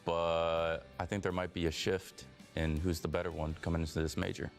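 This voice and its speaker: A man's voice: low-pitched, level tone, fairly quick, over loud music. A man who plays esports professionally, giving joking, candid interview answers. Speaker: pro esports player.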